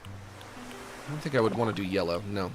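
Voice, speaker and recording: A man's voice: fairly low pitch, lively intonation, moderate pace, soft background music. A man streaming a video game, chatting casually to himself and the characters as he decorates a room. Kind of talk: casual gameplay commentary.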